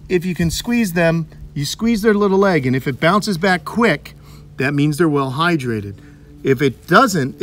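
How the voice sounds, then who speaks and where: A man with a New York accent, hosting and explaining animal care in a casual, upbeat way, full of fillers, from outdoors. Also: a little high. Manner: chatty, upbeat, many fillers. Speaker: reptile keeper and channel host. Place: outdoors in a tortoise yard.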